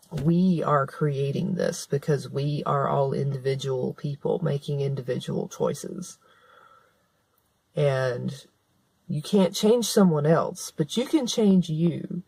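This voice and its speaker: An author and vlogger speaks to camera in a deep, darkish voice on a dry recording. Her spoken-word monologue is sincere and conversational, full of restarted sentences and points repeated for emphasis.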